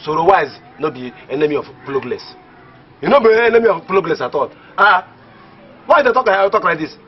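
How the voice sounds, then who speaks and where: A man's voice: fairly high pitch, big pitch swings, fairly quick, soft background music. A man playing a teasing village friend with a Nigerian Pidgin accent. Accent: Nigerian Pidgin English. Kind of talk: comedy film acting. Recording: muffled film audio.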